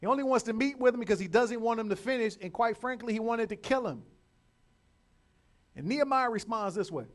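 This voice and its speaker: A male pastor preaching a sermon, swinging from loud declarations to quiet, drawn-out lines and calling the congregation to repeat phrases after him. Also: very high-pitched, expressive. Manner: repeats and restarts words.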